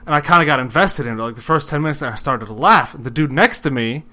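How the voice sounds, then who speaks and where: A man co-hosting a podcast, telling jokey stories in casual chat with a deadpan edge. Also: mid-range voice, fast. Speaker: podcast co-host.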